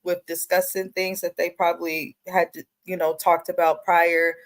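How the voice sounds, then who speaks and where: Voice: mid-range voice, flat delivery, moderate pace. A co-host of a casual reality TV recap, speaking in an opinionated, emphatic way. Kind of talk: casual review chat.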